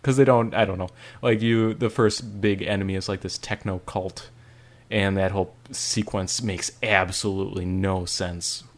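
A man chatting casually about a video game, rambling with lots of "like" and animated retelling. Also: deep voice, moderate pace. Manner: rambling, frequent "like", animated storytelling. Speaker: podcast co-host reviewing a game. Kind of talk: casual chat.

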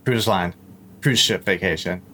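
A man's voice: deep voice, a little slow, bright, forceful tone. A young man, a podcast guest, talking in a loose, rambling way with lots of fillers and restarts. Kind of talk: casual chat.

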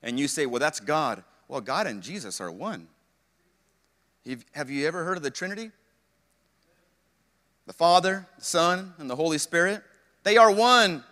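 A man's voice: fairly high pitch, lively intonation, normal speed, pauses often, bright, forceful tone, big-room sound. A young man preaching a sermon as pastor, calling out to the congregation with asides and rhetorical questions. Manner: preaching with call-outs to the congregation.

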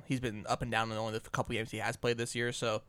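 Man, mid-pitched voice, easygoing casual podcast chat, co-host, dry close mic. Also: level tone, fast talker, fairly bright tone, clear, resonant tone, no echo. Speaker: fantasy football podcast co-host.

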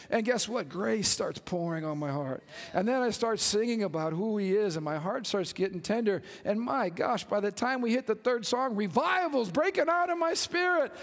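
Brief: high-pitched male pastor, animated sermon, long church reverb. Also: normal speed, creaky, few pauses. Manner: animated, joking, calls out to congregation.

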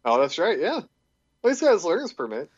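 A man's voice: fairly high pitch, huge pitch swings, brisk, dry recording. Easygoing laughing man, dull dry sound. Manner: easygoing, laughing often, stumbling restarts. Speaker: podcast co-host. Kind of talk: casual movie commentary chat.

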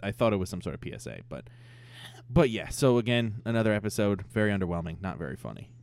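A man's voice: fairly low pitch, big pitch swings, fast, vocal fry, a little mellow, no room sound. A young adult man co-hosting a podcast, talking casually about a cartoon episode with lots of "um" and "yeah". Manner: laid-back, frequent "um" and "yeah", laughs at jokes. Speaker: podcast co-host reviewing a cartoon. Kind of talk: casual chat.

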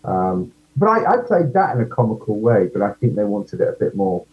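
A man's voice: on the low side, big pitch swings, fairly quick, muffled recording. A man, an actor guest, chatting casually in an interview, self-deprecating and full of ums.

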